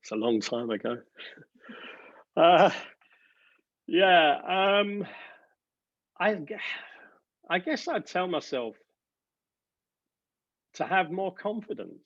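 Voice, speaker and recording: A company director giving earnest interview answers, halting with many fillers and restarts. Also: male voice, high voice, very animated, dry recording, highs cut off.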